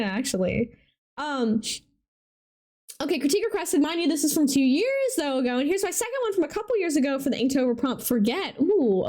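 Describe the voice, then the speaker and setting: A woman's voice: sits high, darkish tone. A woman hosting a live stream, chatting casually and reacting animatedly to viewers' artwork. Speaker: livestream host showcasing community art.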